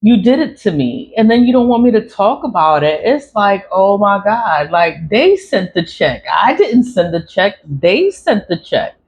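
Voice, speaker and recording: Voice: mid-range voice, sing-song, measured pace, few pauses. Emphatic rambling vlogger, dull lo-fi sound. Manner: emphatic, repeats herself, swears freely. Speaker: spiritual vlogger. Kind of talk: casual rambling monologue. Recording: dull lo-fi recording, faint noise.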